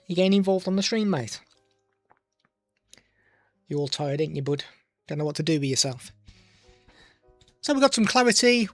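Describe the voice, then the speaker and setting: A tech livestream host runs a loose, casual product demo from his home desk streaming setup, talking into a studio microphone routed through a mixer and pausing now and then to chat with his pet. His voice sits high, sounding expressive and mellow, and he talks fairly quickly on a dry recording.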